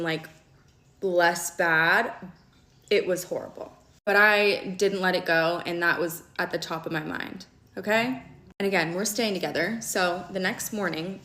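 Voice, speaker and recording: Fast-talking young woman, echoey room. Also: fairly low pitch. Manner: animated, fast and conversational, heavy use of "like" and "okay?". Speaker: storyteller recounting a relationship. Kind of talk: casual storytime vlog.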